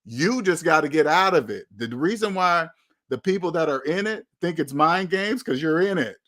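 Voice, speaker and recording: A man with a slightly raised pitch, speaking to camera on his own channel. He gives candid relationship advice in a blunt, emphatic way and leans on repetition to drive each point home. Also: expressive, moderate pace, a bit bright. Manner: blunt, emphatic, repeats phrases for stress. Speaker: channel host.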